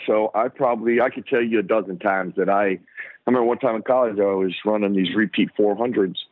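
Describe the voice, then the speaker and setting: A middle-aged man with a fairly low voice tells a long personal story as an interview guest. He brings the story alive by acting out other people's lines. He comes through a dry, thin phone line. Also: quick pace, no echo. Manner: animated storyteller who acts out the lines of others. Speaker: guest, former football player.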